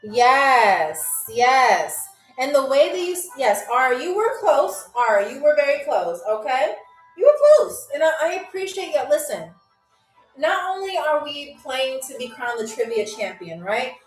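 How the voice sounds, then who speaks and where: A woman's voice: high voice, very animated, a little slow, recorded from a distance, faint music behind. A woman hosting a live-stream trivia game show. She talks in a playful, teasing, chatty way to her viewers. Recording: roomy sound from away from the mic.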